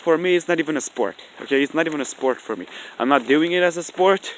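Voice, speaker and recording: A man's voice: on the high side, expressive, fast, slight background noise. A man vlogging outdoors into his camera in a rambling, argumentative way, repeating himself and swearing when annoyed. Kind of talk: rambling outdoor vlog rant. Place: outdoors, in the rain. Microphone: camera mic.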